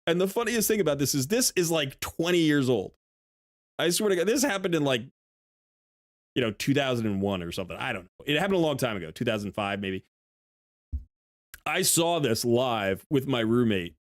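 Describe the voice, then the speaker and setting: A man in his thirties streaming a game, telling a story excitedly, laughing often and mimicking hype chants. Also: a little high, dry recording, studio quality. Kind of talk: casual live-stream chat.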